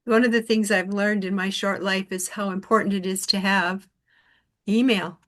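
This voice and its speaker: A woman's voice: mid-range voice, little pitch movement, normal speed, a bit bright. A woman hosting a casual conversation over an online call, telling chatty stories and laughing often. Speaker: host.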